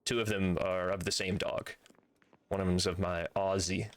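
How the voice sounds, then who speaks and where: A man's voice: sits low, level tone, moderate pace. A man streaming a video game live, chatting casually with viewers and swearing freely as he plays.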